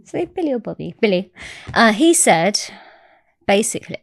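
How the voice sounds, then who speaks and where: Chatty woman with a lively voice. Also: mid-range voice, moderate pace, vocal fry, no room sound, studio quality. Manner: chatty, laughing, swearing freely. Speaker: podcast guest. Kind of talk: casual storytelling.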